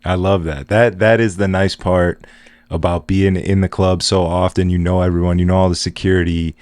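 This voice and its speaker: A man's voice: low voice, little pitch movement, moderate pace, a little mellow, no room sound. A man hosting a podcast, chatting in a loose, casual way with swearing and "bro". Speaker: podcast host.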